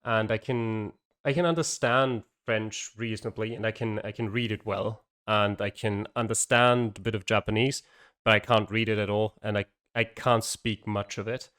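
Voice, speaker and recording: Low-voiced man co-commentating a game. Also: fairly even intonation, moderate pace, fairly bright tone, smooth. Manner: chatty, self-correcting, laughs easily. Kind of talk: casual esports commentary.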